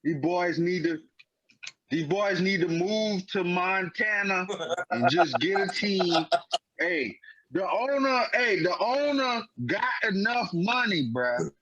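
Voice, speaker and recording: A man's voice: sits high, slow pace. A man co-hosting a sports podcast, arguing emphatically in casual slang. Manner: animated, emphatic, heavy slang. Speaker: podcast co-host. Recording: dull lo-fi podcast audio.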